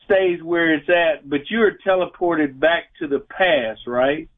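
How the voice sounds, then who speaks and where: A man's voice: fairly high pitch, slow pace. A man, calling in to a radio show and chatting in a rambling, friendly way. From Louisiana, USA. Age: 60s. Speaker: caller. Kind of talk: radio call-in chat. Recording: phone line.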